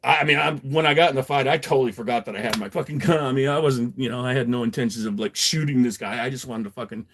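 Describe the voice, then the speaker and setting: A middle-aged man spinning a long personal story on a livestream, swearing freely and rambling through restarts. His voice sits at an ordinary pitch, and he keeps a loose, conversational delivery. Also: quick pace, few pauses, a bit bright. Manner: profane, rambling, chuckling. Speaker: livestream host. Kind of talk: casual storytelling.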